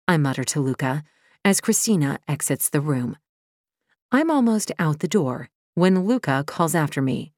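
A woman's voice: low voice, big pitch swings, normal speed, darkish tone, no room sound. A woman giving tense, intense first-person audiobook narration, close to the mic. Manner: tense and intense, rising sharply when voicing the heroine.

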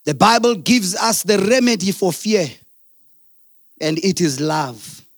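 A middle-aged man preaching a sermon, swinging from shouted, sing-song peaks to low, quiet asides. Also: animated, slow, no room sound, studio quality. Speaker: pastor.

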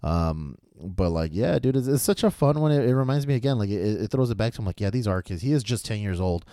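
Very deep-voiced man in easygoing chat. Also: lively intonation, warm tone, no echo, studio quality. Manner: easygoing, halting with many fillers. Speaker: podcast co-host. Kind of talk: casual chat about comics and movies.

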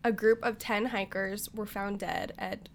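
A woman's voice: medium pitch, steady tone, measured pace, vocal fry, slight background noise. A woman hosting a podcast. She tells a mystery story in a casual, enthusiastic way and laughs often. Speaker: podcast host.

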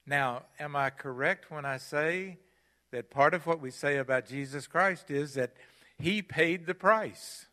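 A man's voice: mid-range voice, a little slow, bright, forceful tone. An older man preaching a sermon in a church, emphatic and repeating his key phrases. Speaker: guest preacher. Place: church sanctuary. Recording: long hall reverb in church.

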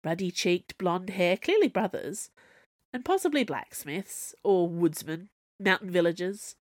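A woman narrating a story aloud in an expressive, wry manner. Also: on the low side, unhurried, dry recording, studio quality. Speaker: audiobook narrator.

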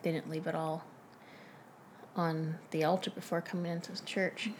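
A woman with a somewhat low voice talks things through in casual conversation. She is frank and reflective, working her thoughts out loud with plenty of fillers. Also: flat delivery, moderate pace, slight background noise. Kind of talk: casual chat.

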